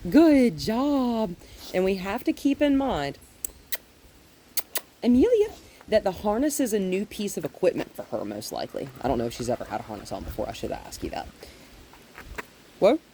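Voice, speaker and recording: A woman dog trainer walking a dog outdoors, explaining her steps calmly and praising the dog in a high, happy voice. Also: quick pace, creaky. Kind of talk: hands-on training demonstration. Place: outdoors in a yard with trees. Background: faint wind.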